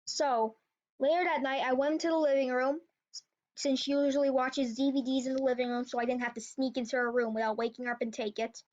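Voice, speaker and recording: Speaking fast in a high, level, darkish voice, a woman casually recounts a creepypasta. Her telling meanders, full of restarts and self-corrections, captured on a dull lo-fi recording.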